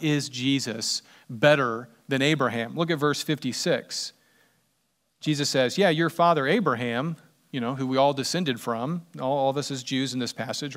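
A middle-aged man preaching a sermon as pastor, animated and acting out quoted voices with sudden loud jumps. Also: mid-range voice.

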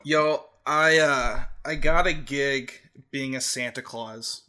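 A young man in his twenties co-hosts a casual podcast, telling a funny story and laughing his way through it. He's animated, with a medium-pitched voice and a slow pace.

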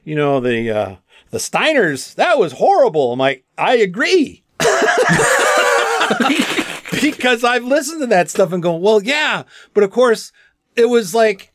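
A man's voice: high voice, a little slow, pauses often, no echo, studio quality. A male voice actor, a guest on a podcast, telling stories casually and acting out the people he quotes. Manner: animated storyteller, acts out quotes. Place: outdoors, with gnats around.

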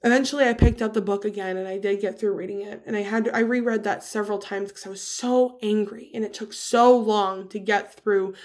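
A woman's voice: medium pitch, steady tone, a little fast, hardly any pauses, a little mellow. A woman in her thirties hosting a podcast and talking through a candid, confessional solo monologue with earnest emphasis. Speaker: podcast host.

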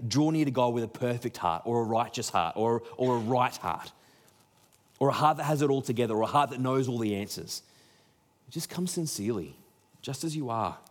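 A man preaching a sermon in a conversational way, acting out the people he quotes. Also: medium pitch. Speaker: pastor.

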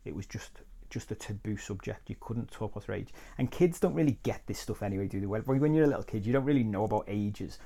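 A man's voice: lowish voice, expressive, quick pace, gravelly, dark tone. A man hosting a solo podcast as a life coach. He tells a personal story in a conversational, reflective way with crude asides.

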